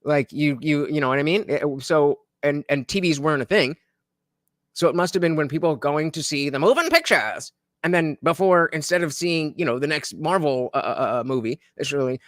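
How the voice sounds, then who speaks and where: A man's voice: a little high, animated, a little fast, a bit bright, dry recording, clean studio sound. A man hosting a livestream, chatting casually to his viewers and reacting to a podcast clip, rambling with lots of fillers and restarts. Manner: chats directly to viewers.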